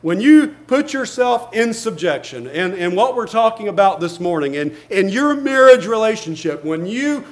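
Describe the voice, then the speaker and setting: High-voiced preaching man. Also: lively intonation, moderate pace, few pauses. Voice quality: reads scripture aloud in King James wording. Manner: earnest preaching with frequent repeated words and light laughs. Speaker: pastor. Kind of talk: sermon.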